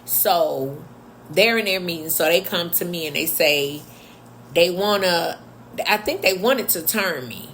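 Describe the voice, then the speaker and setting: A woman's voice: fairly low pitch, measured pace, a bit bright, slight background noise. A woman telling a workplace story in a casual, blunt and chatty way, with sarcastic asides. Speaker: vlogger.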